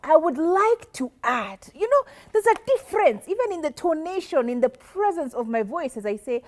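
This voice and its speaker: A woman from Kenya co-hosting a casual podcast chat, animated, often acting out other people's voices and laughing. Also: high voice, moderate pace, hardly any pauses. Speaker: podcast co-host.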